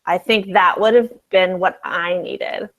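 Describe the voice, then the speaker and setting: A woman co-hosting a casual live chat over a video call, teasing, quick and candid. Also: fairly low pitch, fairly even intonation, a bit bright. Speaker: co-host.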